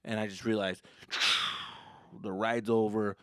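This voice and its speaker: A man hosting his own podcast, telling a comedic story in a loose, profane way, jumping from loud bursts to low mutters. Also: level tone, slow, clear, resonant tone, no room sound, clean studio sound.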